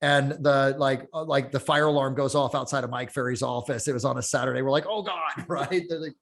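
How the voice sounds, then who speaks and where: A middle-aged man, a real estate coach, talking in a casual podcast chat, energetic and blunt, acting out quotes as he tells stories. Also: medium pitch, fairly quick, vocal fry. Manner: energetic storyteller, swearing, acts out quotes.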